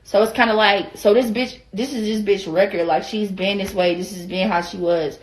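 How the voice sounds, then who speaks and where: A woman's voice: medium pitch, steady tone, moderate pace, a little hiss or hum, low-quality recording. A young woman telling a storytime on a livestream, heated, profane and rambling, often breaking off to ask whether you follow. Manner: heated, profane, rambling, keeps asking you know what I'm saying. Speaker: social media personality. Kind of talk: casual livestream storytime rant.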